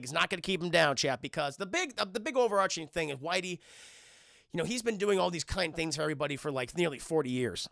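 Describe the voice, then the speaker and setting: High-pitched man, very gravelly, bright, dry sound, casual profane film recap. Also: no room sound. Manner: profane, excitable storyteller. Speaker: film reviewer streaming to chat. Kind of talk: casual spoiler review.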